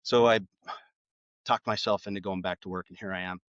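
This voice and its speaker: Low-voiced middle-aged man telling stories. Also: fairly quick, no room sound. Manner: relaxed, with frequent fillers and restarts. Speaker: podcast guest. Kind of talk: casual interview storytelling. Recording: slightly dull, dry sound.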